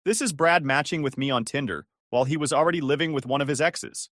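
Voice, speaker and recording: A smug young woman savoring her reveal, voiced by a male storyteller. Her lines ride up in pitch with a taunting edge. Close, dry sound. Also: quick pace, a bit bright, dry recording.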